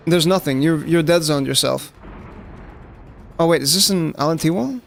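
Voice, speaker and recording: Young man, raspy-edged and slightly high, loose chatty gaming commentary. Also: normal speed, long pauses, faint music behind. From South Africa. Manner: casual, chatty, lots of "like" fillers, addresses chat. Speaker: streamer. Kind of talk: live gameplay commentary.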